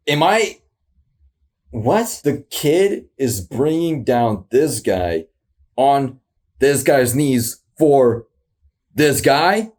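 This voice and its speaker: A man's voice: medium pitch, slow. A man hosting a reaction video, talking casually in rambling bursts, with frequent laughs and confused exclamations. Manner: animated, rambling, laughs often.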